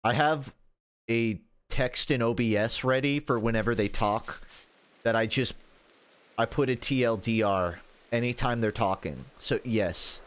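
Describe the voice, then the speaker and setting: A man's voice: mid-range voice, measured pace, smooth. Rambling, profane male streamer. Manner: rambling, profane storytelling with laughs. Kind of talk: casual livestream chat while gaming.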